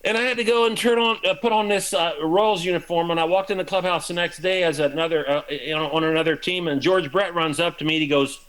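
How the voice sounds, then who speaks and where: Older man, former ballplayer, animated storyteller, bright forceful voice, acts out quotes. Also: high voice, a little fast, rough recording. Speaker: guest, former baseball player. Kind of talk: storytelling in a broadcast interview.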